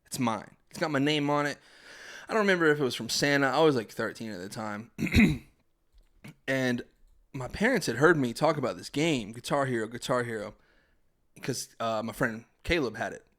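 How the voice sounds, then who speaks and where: A man's voice: mid-range voice, lively intonation, normal speed, fairly bright tone. A young man, a podcast host, telling a story in casual chat, laughing and acting out his family's voices.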